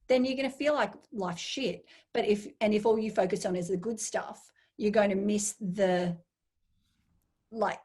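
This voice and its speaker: In a husky, mid-range voice, an Australian woman who does make-up chats as a guest in a relaxed interview. She tells her stories with energy, voicing the thoughts running through her head.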